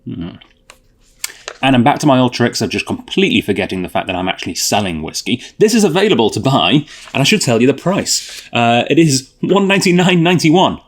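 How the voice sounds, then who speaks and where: A man's voice: mid-range voice, very animated, a little fast. A man hosting a whisky tasting video, chatting casually and thinking aloud with fillers and self-corrections. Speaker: host.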